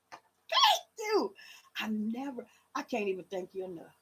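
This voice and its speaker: In a slightly high, husky voice, a Louisiana woman in her fifties with a Southern accent chats casually on a livestream from home. She speaks slowly with long pauses but stays animated, addressing her viewers directly as "y'all."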